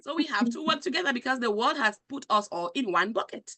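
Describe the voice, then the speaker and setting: Bright-voiced Nigerian woman host. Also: a little high, animated, quick pace. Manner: passionate, speaks with conviction, reads out viewer comments. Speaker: show host. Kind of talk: live-stream conversation.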